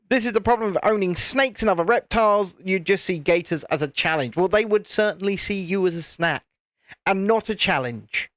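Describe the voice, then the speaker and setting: A man's voice: high-pitched, normal speed, fairly bright tone, no room sound, studio quality. A British man hosting a livestream, chatting casually with viewers while he builds, and laughing often. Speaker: livestream host.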